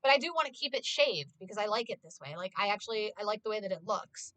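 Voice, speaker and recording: A woman's voice: medium pitch, lively intonation, fast, fairly bright tone, dry recording. A woman streamer in casual live-stream chat, talking freely to her viewers, swearing often and filling her talk with "like". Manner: chatty, swears often, heavy use of "like".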